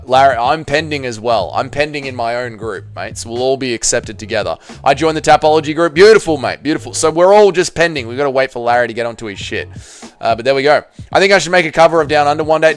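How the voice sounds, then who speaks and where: Smooth-voiced blunt Australian streamer. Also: male voice, medium pitch. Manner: blunt, swears often, reads chat aloud. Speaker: streamer host. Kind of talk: casual livestream chat.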